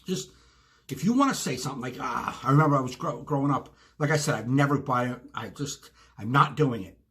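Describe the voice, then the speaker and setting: A man's voice: mid-range voice, lively intonation, a little fast, a bit bright. A man telling an exasperated story in a solo rant for a podcast he co-hosts, full of asides. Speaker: podcast co-host. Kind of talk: ranting solo monologue. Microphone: self-recorded video.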